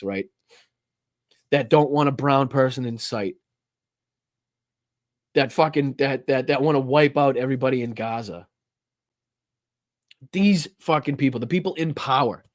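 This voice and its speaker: In studio-quality audio without echo, a medium-pitched male host runs a political livestream. His commentary is an angry, profane, heated rant, with constant swearing and stammered restarts.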